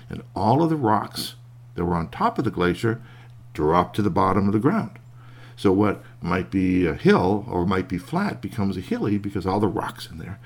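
A man telling a children's tale in a folksy, animated way. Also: fairly low pitch. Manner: lively, folksy, puts on voices for animals. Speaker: storyteller. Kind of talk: oral storytelling.

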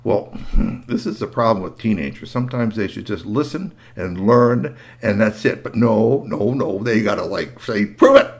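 A man's voice: lowish voice, moderate pace, hardly any pauses. A man telling a myth to children with chatty asides. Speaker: storyteller. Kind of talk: animated storytelling for children.

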